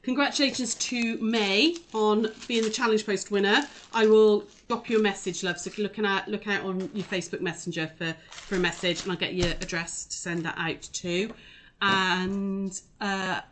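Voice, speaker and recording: A woman's voice: mid-range voice, steady tone, moderate pace, a bit bright, slight background noise. A woman hosting a casual live quilting demonstration, chatty and rambling as she talks straight to her viewers. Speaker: quilting shop host.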